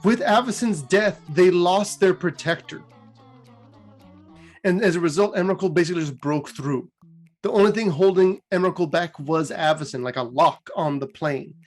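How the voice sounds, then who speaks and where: A man's voice: high voice, normal speed, soft background music. A young man hosting a casual lore retelling, chatty and giggly with slangy asides. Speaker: host.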